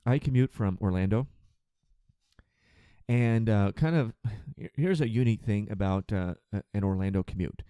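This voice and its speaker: A man's voice: on the low side, moderate pace, warm tone, smooth, no echo, studio quality. A man hosting a solo podcast, ranting with sarcastic, profane exasperation about his work as a flight attendant.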